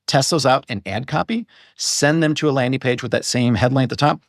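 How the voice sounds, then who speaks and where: A man's voice: medium pitch, brisk, dry recording, clean studio sound. A man talking as a podcast guest about running an online business, chatty and prone to digressions and self-corrections. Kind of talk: casual interview chat.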